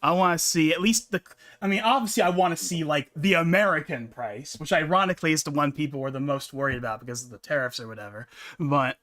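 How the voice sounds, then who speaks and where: A man's voice: a little high, fast talker, fairly bright tone. A man hosting a live reaction stream, musing aloud and often restarting his thoughts. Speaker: streamer host.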